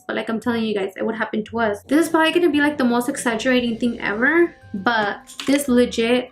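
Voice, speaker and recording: A woman in her twenties telling a personal story in a casual vlog, chatty and full of fillers, acting out the scenes. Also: fairly high pitch. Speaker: YouTuber. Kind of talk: casual storytelling while getting ready. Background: faint background music.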